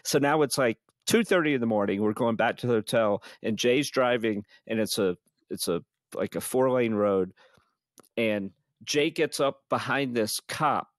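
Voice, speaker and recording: Brief: male podcast host, mid-pitched, rambling storyteller, dry close sound. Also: normal speed, no room sound. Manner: rambling, laughs often. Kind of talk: casual storytelling chat.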